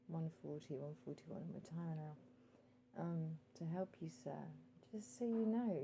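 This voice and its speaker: A woman vlogger speaking earnestly straight to one listener, calling him sir, pausing often with ums and reading out her timer as she goes. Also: sits low, dark tone, slight background noise, poor audio. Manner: calls out timer readings while talking. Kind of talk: direct-to-camera monologue.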